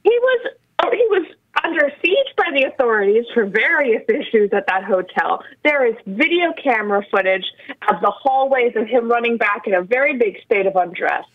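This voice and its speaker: A woman co-hosting a political talk radio show, giving steady, opinionated commentary. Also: on the high side, moderate pace, dry recording, narrow, tinny audio. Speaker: radio co-host.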